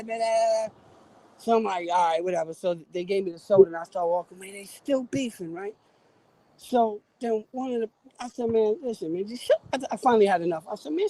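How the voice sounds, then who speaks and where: A man, swearing and acting out the voices in a story as a guest on a live stream. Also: high voice. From New York. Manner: profane, animated storyteller who acts out quotes. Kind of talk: casual storytelling chat. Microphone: remote stream call.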